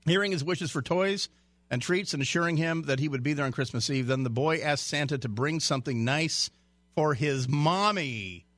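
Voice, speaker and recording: A man's voice: fairly high pitch, fairly quick, fairly bright tone, no echo. A man guest-hosting a radio talk show, reading a news story in a chatty way with stumbles and jokey asides. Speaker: radio fill-in host.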